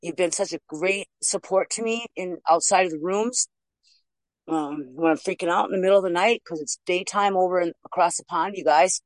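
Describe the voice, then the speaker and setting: A woman's voice: lowish voice, moderate pace, no room sound, rough recording. Earnest woman from the US. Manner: warm, earnest, laughs easily. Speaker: meeting member. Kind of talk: recovery meeting share.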